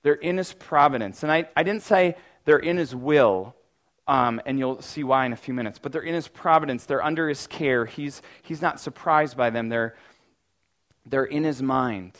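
A male pastor preaches at a normal speed in a medium-pitched voice. His delivery is casual and talky, peppered with "like" and restarts, punctuated occasionally by loud cries of pretend panic.

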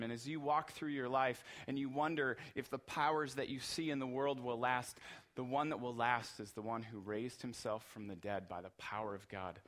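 A man's voice: mid-range voice, a bit bright. A man preaching a sermon as pastor, earnest and emphatic, repeating phrases for rhythm.

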